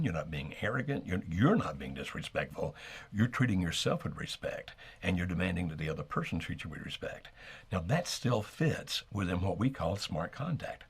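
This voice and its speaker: A man co-hosting a live call-in marriage advice show, calmly explaining what to do and acting out sample lines. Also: low-pitched, gravelly, slightly rough. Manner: calm, explanatory, acts out sample dialogue. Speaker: marriage coach co-host.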